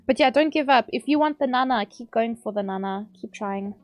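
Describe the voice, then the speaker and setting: With a South African accent and a somewhat high voice, a woman chats briskly while streaming a game from home. Her talk is casual and rambling, broken up by frequent laughter, and the audio carries no room sound.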